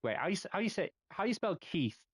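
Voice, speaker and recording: A man with a Yorkshire accent chatting casually with viewers while streaming a game, friendly and quick to laugh, stumbling over names. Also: sits high, big pitch swings, husky, no room sound.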